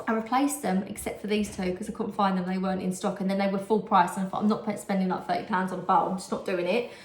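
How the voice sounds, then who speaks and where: A woman's voice: mid-range voice, steady tone, fast. A woman, chatting casually in a vlog as she shows off a haul, rambling with lots of asides and fillers. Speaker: vlogger. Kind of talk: casual chat showing a haul. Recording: roomy echo.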